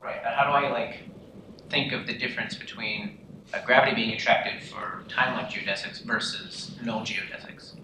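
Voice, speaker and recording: A man asks questions in a physics seminar, stammering and restarting his phrases. He speaks at a middle pitch from far off the mic in a roomy space, with clear background noise. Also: normal speed. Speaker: student.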